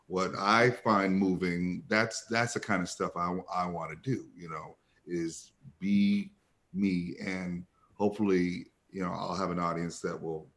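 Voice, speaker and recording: A man's voice: deep voice, fairly bright tone. A man panelist talking reflectively in a casual discussion, leaning on "you know" as he thinks aloud.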